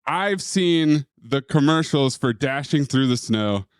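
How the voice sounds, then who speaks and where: A man talking casually on a podcast in a smooth, resonant voice, tossing off wry remarks. The sound is close and dry, with no room echo. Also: mid-range voice, lively intonation, takes it slowly. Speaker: podcast co-host. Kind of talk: casual chat.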